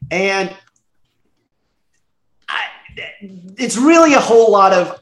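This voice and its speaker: A man's voice: high-pitched, big pitch swings, slow pace, long pauses. A man co-hosting a casual podcast about a movie, rambling with many fillers and frequent laughter. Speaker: podcast co-host. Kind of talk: casual chat reviewing a movie. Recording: roomy echo.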